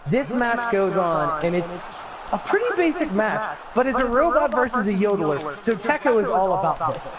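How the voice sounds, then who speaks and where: A man telling a story on a casual podcast, animated and laughing as he goes. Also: high-pitched, low-quality recording. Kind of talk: casual chat.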